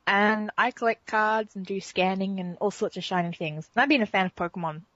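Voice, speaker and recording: An Australian woman talks in an easy, chatty way on a podcast, her pitch sitting around the middle. The sound is dull and lo-fi, with a dry, close feel and no room around the voice. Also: a little fast, fairly bright tone, no room sound. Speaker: podcast guest. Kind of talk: casual chat.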